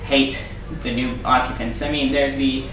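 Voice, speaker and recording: A man's voice: mid-range voice, level tone, moderate pace, far from the mic. A man hosting his own vlog, talking in a sarcastic, rambling rant. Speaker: vlog host. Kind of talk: casual vlog monologue. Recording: echoey room, off-mic, faint hiss.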